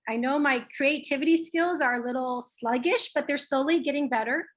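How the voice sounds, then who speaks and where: Female interview guest, earnest storyteller, voice a bit high, over a video call. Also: a little fast, fairly bright tone. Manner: earnest, reflective, with fillers. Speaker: lawyer and guest.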